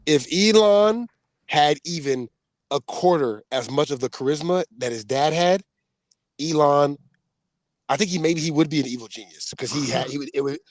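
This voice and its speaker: A man talking casually on a podcast, his voice sitting a little high and jumping far higher when he gets excited. He tells stories in an animated way and laughs often. The sound is dry and close, with no room around him. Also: normal speed, no room sound. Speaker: podcast co-host. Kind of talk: casual chat.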